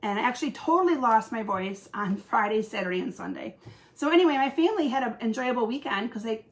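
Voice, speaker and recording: A woman from Michigan hosting a casual live craft stream, chatting with viewers and greeting them by name. Her voice is slightly hoarse from a recent cold. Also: fairly high pitch, animated, quick pace.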